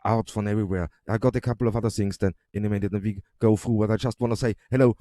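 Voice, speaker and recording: A man co-hosting a live talk show, halting and full of fillers, with slightly non-native phrasing. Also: fairly low pitch, fairly even intonation, warm tone. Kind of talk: live chat show presenting. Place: studio.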